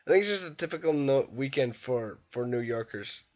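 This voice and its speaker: A tired young man rambling through a casual, irreverent movie review late at night, breaking into loud bursts when quoting scenes. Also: mid-range voice, animated, brisk. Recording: dull lo-fi home recording.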